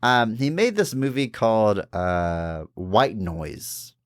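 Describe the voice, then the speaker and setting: A man co-hosting a podcast talks casually and enthusiastically about a film, laughing often. His fairly low, smooth voice swings widely in pitch at a slow pace, in a dry, studio-quality recording.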